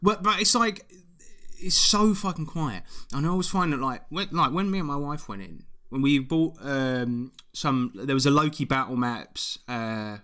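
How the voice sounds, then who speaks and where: A man's voice: on the high side, lively intonation, normal speed, pushed and bright. A man, ranting animatedly and swearing often in a casual chat. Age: 20s.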